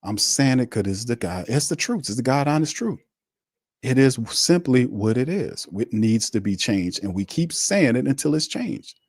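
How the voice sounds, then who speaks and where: A very animated man with a mid-range voice, speaking at normal speed, hosts a sports show on a live watch stream. He delivers a heated, blunt rant, repeats his points over and over, and mocks the other side. The recording is dry.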